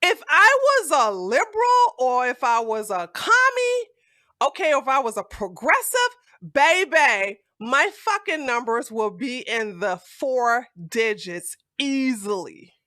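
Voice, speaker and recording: High, bright, blunt-talking woman streamer. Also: big pitch swings, a little slow, dry recording. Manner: blunt, heavy cursing, rising to loud outbursts; sassy, calls listeners baby and honey. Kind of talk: live-stream commentary.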